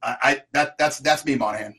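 During a relaxed chat with a co-host, a middle-aged man tells a rambling, exaggerated comic story at a brisk clip. His pitch is ordinary and his delivery loose and conversational, stacked with asides and overstatements.

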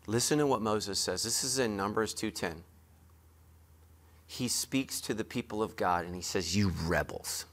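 Male pastor, sermon, emphatic and joking, sharp bright tone. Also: fairly low pitch, moderate pace. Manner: emphatic, joking preacher who talks straight to the congregation.

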